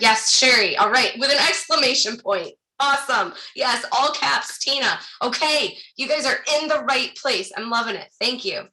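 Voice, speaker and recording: Speaking directly to her listeners, a wellness coach runs a live online workshop with an encouraging, cheerful energy. Her voice is bright and medium in pitch. During the breathing segment she eases down into gentle, calm instruction.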